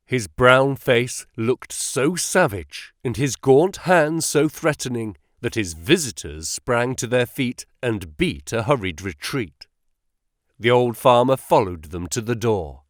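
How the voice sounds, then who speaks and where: Slow, expressive male audiobook narrator. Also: mid-range voice, dry recording, studio quality. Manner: measured and expressive. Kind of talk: classic novel audiobook reading.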